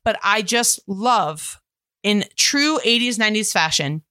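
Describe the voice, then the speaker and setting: A woman co-hosting a casual movie podcast, retelling scenes in an animated, gushing way. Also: medium pitch, a little slow, no echo, studio quality. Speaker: podcast co-host.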